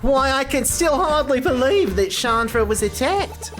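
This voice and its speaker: A woman doing a lofty, high-voiced lady of the manor. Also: animated, measured pace, over music. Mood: concerned. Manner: put-on mix of British and Australian accent; lofty, polite hostess tone. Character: gracious wealthy lady of the manor. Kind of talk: reading game dialogue aloud.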